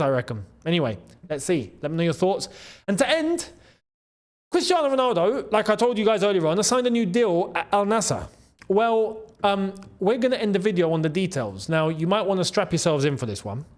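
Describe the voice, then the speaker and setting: A male football channel host, talking casually to his audience, excitable and animated, repeating phrases and breaking into laughs. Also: fairly high pitch. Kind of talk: casual football commentary to camera. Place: in the Gulf region.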